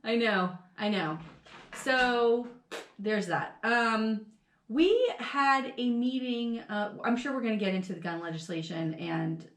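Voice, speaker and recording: A woman co-hosting a podcast, telling stories in an animated, swearing, laughing casual chat. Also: a little high, slow pace, roomy sound, a little hiss or hum. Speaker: podcast co-host. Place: home dining room.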